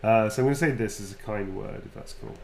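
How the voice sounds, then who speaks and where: A man's voice: fairly low pitch, fast, creaky, darkish tone, a little hiss or hum. A man signing autographs on a livestream, chatting in a playful, easygoing way and laughing easily. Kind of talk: casual live chat.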